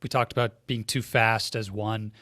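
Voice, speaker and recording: A man's voice: lowish voice, level tone, moderate pace, fairly bright tone, no echo, studio quality. A man hosting a podcast interview, speaking reflectively and conversationally and asking long, framing questions. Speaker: podcast host.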